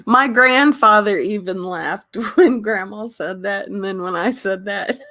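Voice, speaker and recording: A woman hosting a casual livestream, talking slowly with many pauses and ums and often laughing. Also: mid-range voice, a bit bright, no echo. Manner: slow, halting talk with frequent ums and laughter. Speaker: livestream host.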